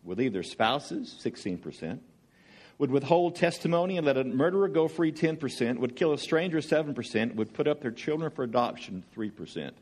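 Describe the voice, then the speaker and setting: A man's voice: mid-range voice, animated, fairly quick, a little mellow, husky. A man with a Southern accent from Georgia, preaching as a guest speaker in a chatty, joking, storytelling way. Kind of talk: sermon with jokes.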